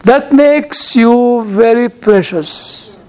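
A man, a priest, gives a storytelling sermon in a halting way, with frequent restarts and playful asides. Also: very high-pitched, darkish tone.

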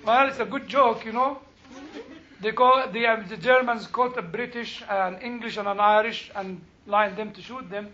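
A man's voice: high voice, steady tone, moderate pace, sharp tone, dull audio, a little hiss or hum. A man speaking as a rabbi to a group, chatty and joking, often asking the audience questions. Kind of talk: informal talk with jokes.

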